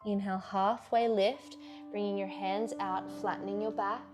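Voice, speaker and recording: Calm woman guiding a yoga flow. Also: mid-range voice, normal speed, over music. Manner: calm, encouraging cueing with playful asides. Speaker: yoga teacher. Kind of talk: guided yoga class instruction.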